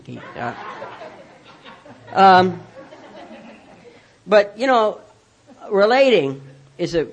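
A man's voice: fairly high pitch, lo-fi sound, slight background noise. A man telling a personal recovery story in a rambling way, full of restarts and self-mocking humor. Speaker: speaker sharing his recovery story.

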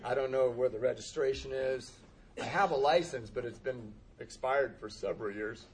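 A man's voice: mid-range voice, moderate pace, breathy edge. A man telling a humorous personal recovery story, acting out the dialogue and laughing often at himself. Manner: self-deprecating, laughs often, acts out dialogue. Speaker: speaker sharing a recovery story.

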